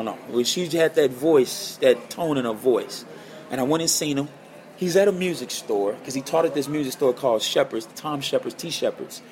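A man with a somewhat high voice tells a story in a podcast interview. He acts out the people he quotes with lively voices. The chatter of a crowd can be heard behind him. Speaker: guest guitarist.

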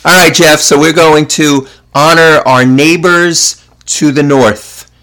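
A man hosting a casual podcast, chatting in a relaxed way and reading a recipe aloud. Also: a little high, takes it slowly. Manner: relaxed, chatty, self-correcting. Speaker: podcast host.

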